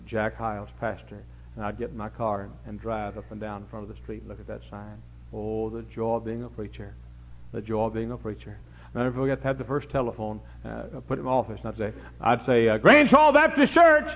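Rambling preacher man, lo-fi. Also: lowish voice. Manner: rambling, digressive anecdotes with sudden loud emphatic rises. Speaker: pastor. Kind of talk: folksy storytelling sermon. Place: church service before a congregation. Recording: dull lo-fi recording with faint hum.

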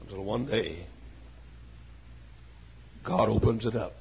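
A man in his sixties preaching a sermon with an emphatic, repetitive cadence that swings from hushed to loud. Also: on the low side, slow, creaky, breathy edge, muffled recording. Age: 60s. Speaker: pastor.

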